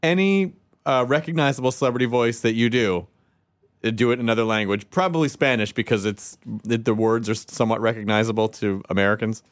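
A comedian trades wry, offhand banter in a mid-pitched male voice. The recording is dry and close, with no room sound at all. He talks loosely, riffing on whatever comes up. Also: fast, no echo. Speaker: comedian, podcast co-host. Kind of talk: casual comedic chat.

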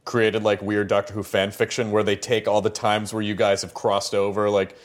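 A male host interviewing a guest in a library, jokey and playful with quick asides. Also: fairly low pitch, little pitch movement. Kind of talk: casual chat interview.

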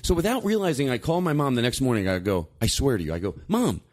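A man hosting a podcast, telling stories in a rambling, animated way with lots of restarts. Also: mid-range voice, fast talker. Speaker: podcast host. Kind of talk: casual storytelling chat.

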